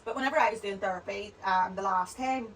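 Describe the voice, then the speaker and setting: A woman's voice: medium pitch, fast talker, fairly bright tone, distant mic, a little hiss or hum, poor audio. A woman, chatting as a podcast guest, rambling through stories one after another. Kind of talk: casual chat.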